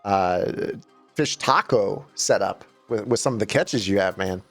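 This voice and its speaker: A man's voice: lowish voice, unhurried, faint music behind. A man co-hosting a live stream, joking and teasing his partner in casual banter. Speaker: stream co-host.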